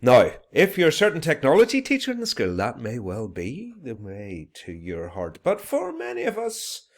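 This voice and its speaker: A man's voice: medium pitch, moderate pace. Chatty man teaching. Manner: chatty and jokey, building to bursts of excitement. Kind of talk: recorded video lesson.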